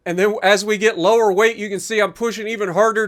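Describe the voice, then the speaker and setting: A man's voice: sits high, fairly even intonation, brisk, few pauses, a bit bright. A man talking viewers through his gym workout in a chatty, upbeat voice-over. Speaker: fitness vlogger. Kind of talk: casual workout commentary voice-over.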